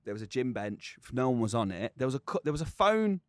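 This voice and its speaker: A man's voice: medium pitch, quick pace, no room sound. A young man co-hosting a podcast, telling stories in casual chat and swearing a lot. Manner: swears a lot, animated storytelling. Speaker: podcast co-host.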